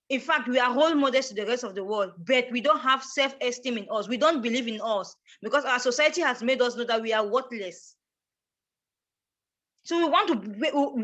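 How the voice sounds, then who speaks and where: A woman with a Cameroonian accent speaks in a fairly high register. She argues with emphatic, insistent energy. She often repeats a word several times before she finds the rest of her thought. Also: bright, forceful tone. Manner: emphatic, repeats words when pressing a point. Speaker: guest speaker. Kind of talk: passionate advocacy talk.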